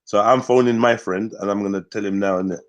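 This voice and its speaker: A man's voice: fairly low pitch, steady tone, fast. A man hosting a casual livestream, teasing his guests and laughing often. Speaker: livestream host.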